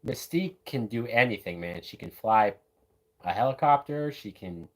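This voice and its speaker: A man's voice: fairly low pitch, lively intonation, moderate pace. A man giving casual, loose live commentary while watching a movie, often tossing in "man" and "like". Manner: loose, chatty, says "man" and "like" a lot.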